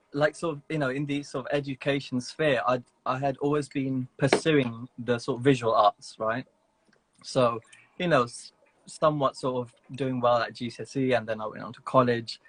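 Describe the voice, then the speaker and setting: A man's voice: medium pitch, steady tone, normal speed, fairly bright tone, no room sound. A man as a guest in a casual interview over a video call, talking in a reflective way with many "you know" and "sort of" fillers.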